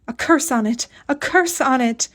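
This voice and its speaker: Shrill frantic girl hurling accusations , read by a woman narrator, strident, louder than the narration. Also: steady tone, normal speed, natural voice. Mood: hysterical.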